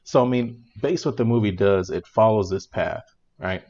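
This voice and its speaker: A man's voice: fairly low pitch, moderate pace, darkish tone, dull audio. A man in casual chat, animatedly retelling a comedy film's plot, laughing often and restarting his sentences. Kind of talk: casual movie review chat.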